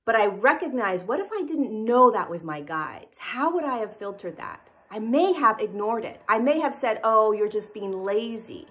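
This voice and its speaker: A woman's voice: a little high, sing-song, moderate pace, hardly any pauses, fairly bright tone. A woman giving an informal spiritual teaching talk, earnest and emphatic, who keeps checking in with her listeners by asking "right?" after her points. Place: live event replay.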